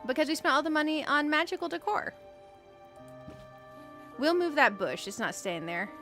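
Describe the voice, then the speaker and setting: A woman's voice: high-pitched, big pitch swings, normal speed, a bit bright, faint music behind. A woman streaming a game, chatting casually, giggling often and greeting viewers by name. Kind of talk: casual live-stream chat while playing.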